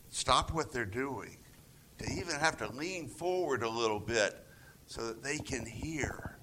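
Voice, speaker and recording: A man preaching a sermon, retelling scripture with dramatic swings from loud passages to near-whispers and acting out quoted voices. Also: expressive, slow, a little hiss or hum. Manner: acts out quoted voices with raised pitch. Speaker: pastor.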